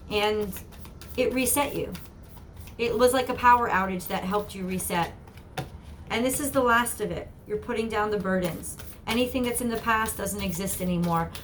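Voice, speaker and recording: A woman's voice: mid-range voice, slight background noise. A woman giving an earnest, encouraging channeled tarot reading, often repeating herself. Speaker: tarot reader.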